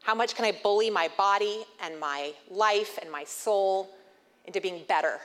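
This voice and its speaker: A woman's voice: mid-range voice, moderate pace, a bit bright. A woman in her thirties giving a humorous inspirational talk to an audience, telling candid, self-deprecating stories. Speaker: speaker addressing an audience. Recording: long hall reverb, faint noise.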